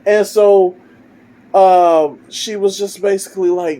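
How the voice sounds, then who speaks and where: A man's voice: sits high, steady tone, unhurried, mellow. A man casually telling his own fan story, rambling as he goes. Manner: rambling, with fillers and restarts.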